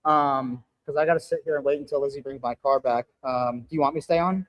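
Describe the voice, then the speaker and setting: A man telling stories in an animated, profane way during a casual live podcast chat, recorded at a gym. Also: medium pitch, fast, no echo, rough recording. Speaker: gym owner and regular co-host.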